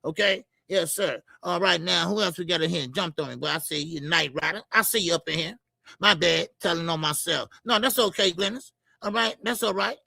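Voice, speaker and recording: A man hosting a casual boxing livestream, greeting viewers by name and repeating "yes sir" and "all right" between shout-outs. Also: high voice, fairly quick, creaky, dry recording. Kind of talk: casual live-stream chat.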